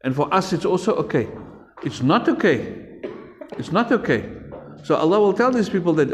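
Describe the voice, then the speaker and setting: A man's voice: high-pitched, big pitch swings, normal speed, pauses often, in a large hall. A man with a South African accent teaching a religion class to children, emphatic and repetitive, speaking straight to his pupils. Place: school classroom.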